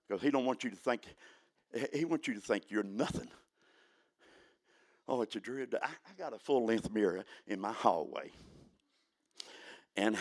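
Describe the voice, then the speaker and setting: A man of eighty, preaching a sermon in a folksy storytelling way that builds to fervent shouting. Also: mid-range voice, dry recording. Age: 80s.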